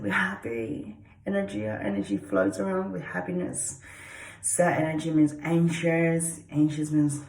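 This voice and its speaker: A woman's voice: fairly low pitch, darkish tone. A woman vlogger lecturing about dogs in a blunt, repetitive way, swearing freely and often checking with "okay?". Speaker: dog trainer vlogger. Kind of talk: lecture-style casual talk to camera. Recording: echoey room.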